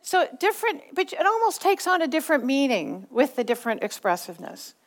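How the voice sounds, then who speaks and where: Middle-aged woman teacher from Southern California, patient and clear, a bit high-pitched. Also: sing-song, fairly quick. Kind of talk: classroom instruction.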